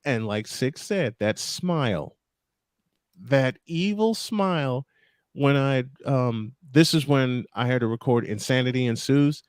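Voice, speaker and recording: A man's voice: medium pitch, expressive, slow pace, clear, resonant tone, dry recording. Laughing man telling studio stories. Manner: laughing, storytelling, repeats himself. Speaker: show host. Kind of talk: casual podcast chat.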